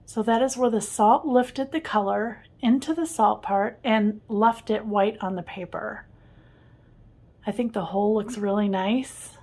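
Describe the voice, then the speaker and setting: A woman teaching watercolor painting in a casual studio tutorial, enthusiastic and smiling as she talks, with soft laughs now and then. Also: medium pitch, unhurried. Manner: warm, enthusiastic, often laughing softly. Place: home art studio.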